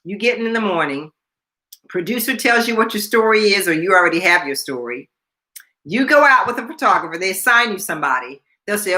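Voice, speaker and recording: Bright-voiced older woman telling stories. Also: mid-range voice, quick pace. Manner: animated, acts out quoted voices, laughs often. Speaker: host. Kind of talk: casual storytelling chat.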